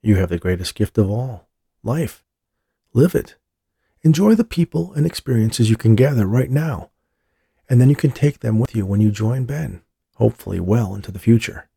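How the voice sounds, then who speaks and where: A man voicing a charming male medium who speaks gently and reassuringly. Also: medium pitch, expressive, normal speed, creaky, breathy edge, dry recording, studio quality. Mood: soothing.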